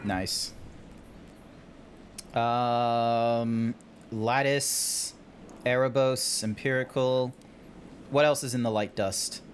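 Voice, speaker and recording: A man's voice: medium pitch, fairly even intonation, drawn-out words, pauses often, slight background noise. A young Australian man chatting casually on a gaming stream, playful and rambling, swearing now and then.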